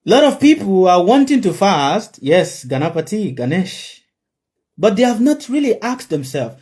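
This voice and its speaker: A man's voice: high voice, very animated, measured pace, darkish tone, slightly rough. A man giving an emphatic spiritual sermon to a live audience, repeating his key phrases for effect. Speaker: spiritual teacher.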